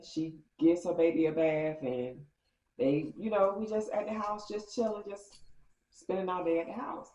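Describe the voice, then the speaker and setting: Woman vlogger spilling a story, animated, pitch jumping around, echoey room. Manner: animated, acts out quotes with jumps in pitch. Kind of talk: casual storytelling.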